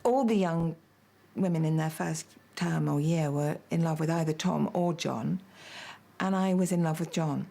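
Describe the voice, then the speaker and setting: An older woman remembers her husband in a documentary interview. Her voice is very low, gravelly and mellow, and she talks candidly with animated asides. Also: moderate pace. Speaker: interviewee, widow.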